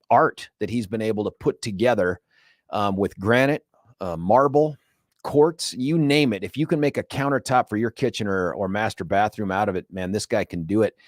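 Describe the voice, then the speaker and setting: A man's voice: mid-range voice, no room sound, studio quality. Jokey middle-aged radio host man. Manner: jokey, animated storytelling with laughs. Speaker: radio talk show host. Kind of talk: casual radio chat. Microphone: studio microphone.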